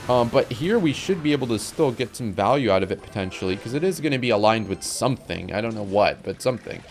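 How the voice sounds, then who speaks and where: A young man giving casual commentary on his own game, chatty and rambling, with sudden excited outbursts. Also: on the low side, quick pace, faint music behind. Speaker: gameplay commentator.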